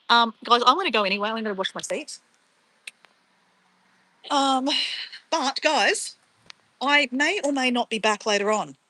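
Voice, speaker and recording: A woman's voice: mid-range voice, fairly bright tone, no room sound, rough recording. A young woman chatting casually on a travel live stream, rambling and laughing as she reads viewer comments.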